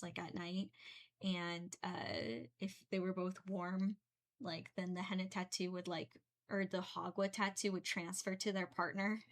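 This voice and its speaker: A young woman chatting casually while she paints, rambling with many fillers and small giggles. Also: mid-range voice. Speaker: painting streamer.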